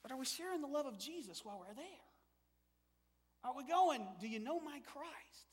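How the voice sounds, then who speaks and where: A male preacher delivers a sermon with a strikingly high voice. He swings from hushed stretches to loud, animated bursts. The sound carries a long reverberant tail from the church hall. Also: normal speed. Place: church sanctuary.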